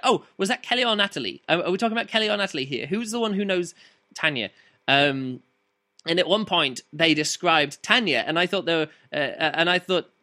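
A man's voice: on the high side, pushed and bright. A man reviewing a book in a casual, rambling chat full of fillers and restarts.

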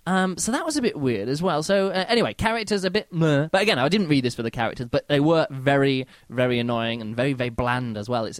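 A rambling man reviews a book in a loose, chatty way, full of fillers and mock-quoted reactions. He speaks quickly in a slightly raised voice. The sound is close and dry, with no room around it. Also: fairly high pitch, dry recording. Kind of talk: casual spoken book review.

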